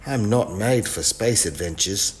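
A man's voice: fairly low pitch, expressive, unhurried. A man reading a storybook aloud, voicing the glum, muttered thoughts of a family dog. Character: grumbling family dog Floppy.

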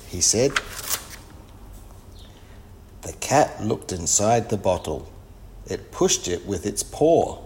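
A man reading a children's storybook aloud, slowly and clearly paced. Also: on the low side, big pitch swings, a little mellow. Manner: slow, sing-song, clearly paced. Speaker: storybook reader.

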